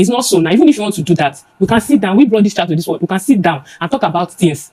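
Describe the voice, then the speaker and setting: A young woman with a Nigerian accent giving emotional testimony before a judge, rushing and halting with many restarts and repeated words. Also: mid-range voice, expressive, darkish tone, poor audio.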